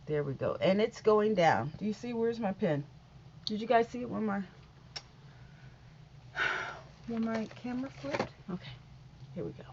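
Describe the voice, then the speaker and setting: Woman vlogger, lively and scattered, casual news recap on a dull-sounding mic. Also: mid-range voice, moderate pace, pauses often, noisy background. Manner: chatty, scattered, talks straight to viewers. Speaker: YouTube vlogger.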